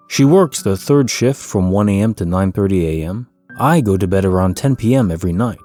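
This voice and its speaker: A man with a fairly low voice reads a first-person story in a calm, soothing, scripted way meant to lull listeners to sleep. Soft music sits faintly underneath his narration. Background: faint background music.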